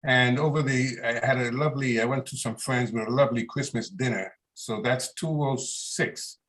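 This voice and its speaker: A man's voice: mid-range voice, normal speed, fairly bright tone. A man on the board, speaking bluntly and plainly at a meeting. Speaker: board member. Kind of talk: personal remarks at a meeting.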